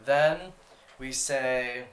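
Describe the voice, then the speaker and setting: A young man co-hosting a casual podcast, working through an estimate out loud with fillers and restarts. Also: medium pitch, extremely slow. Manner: hesitant, restarts, many fillers. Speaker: podcast co-host. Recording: echoey room, faint ambience.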